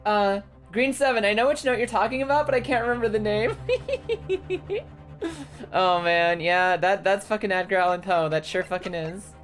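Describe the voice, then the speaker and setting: A woman's voice: medium pitch, moderate pace. A woman streaming a game, chatting casually with lots of swearing, giggles and exclamations, over game music.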